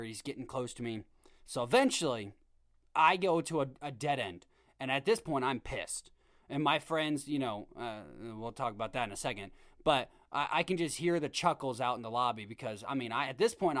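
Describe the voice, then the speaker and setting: A man in his twenties hosting a podcast, telling a story in a casual, rambling, animated way with many restarts. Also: mid-range voice. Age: 20s. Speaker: podcast host.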